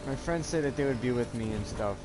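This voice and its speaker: Man, casual vlog talk, halting, rambling, earnest, mid-pitched voice, music behind. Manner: halting, rambling, with many restarts and fillers; earnest and confessional. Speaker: YouTuber. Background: music playing.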